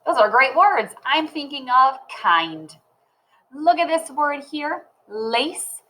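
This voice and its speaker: A woman teaching a phonics lesson to young children, sounding words out slowly and clearly. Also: high-pitched, big pitch swings, sharp tone, low-quality recording.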